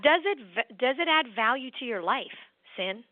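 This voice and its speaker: A woman's voice: sits high, lively intonation, moderate pace, no echo. A woman guest telling stories enthusiastically in a casual interview chat. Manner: enthusiastic storyteller. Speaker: guest, nonprofit founder. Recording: tinny phone line, dry.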